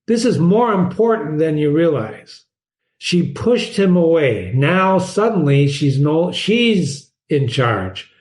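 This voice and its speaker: Here a man whose voice sits on the high side with a dark tint analyzes a short story conversationally for his class. As a literature teacher, he quotes passages aloud, poses rhetorical questions, and peppers his talk with "right?"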